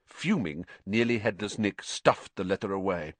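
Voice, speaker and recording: A man with a somewhat low voice narrates an audiobook, his pitch ranging lively over the lines. He tells the story expressively. The recording is dry and close-miked. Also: normal speed, hardly any pauses, dry recording. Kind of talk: scripted narration.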